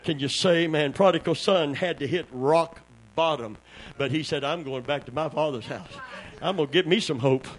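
A male pastor, preaching a sermon in a call-and-response style that swings from quiet, low talk to shouted exclamations. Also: moderate pace, rough recording.

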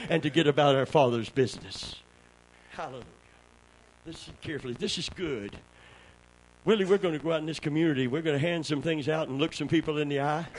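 A male pastor, preaching a sermon in a call-and-response style that swings from quiet, low talk to shouted exclamations. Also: rough recording.

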